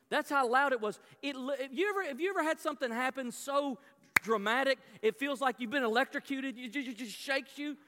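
A middle-aged pastor preaches a sermon in a church hall, his voice very high and a bit bright. He tells a story, puts questions to the congregation, and often repeats his words. The recording carries a long hall reverb.

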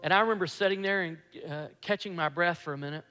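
Man, 50s, pastor, high voice, animated sermon storytelling, echoey hall, soft music behind. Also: quick pace. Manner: animated, acts out his own past excitement.

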